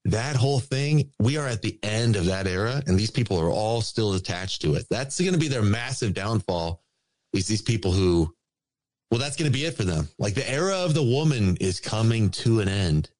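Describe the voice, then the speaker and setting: A man on a podcast, ranting emphatically and repeating his points with drawn-out stress. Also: on the low side, lively intonation, a little mellow. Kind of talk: casual podcast rant.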